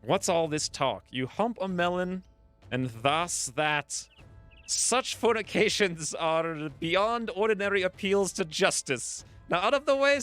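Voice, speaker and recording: A man's voice: high voice, fairly bright tone, voice pushed up. A man voicing a drunk bearded village stooge in a boisterous, slurred rustic drawl while reading a game event aloud. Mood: indignant. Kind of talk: let's play character reading.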